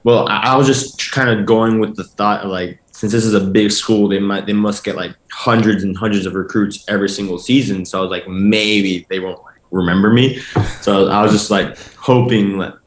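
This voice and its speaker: A man's voice: on the low side, steady tone, a little fast, few pauses. A young man telling a story as a podcast guest in a casual, rambling way, full of "like" and restarts. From family from Mexico. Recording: echoey room.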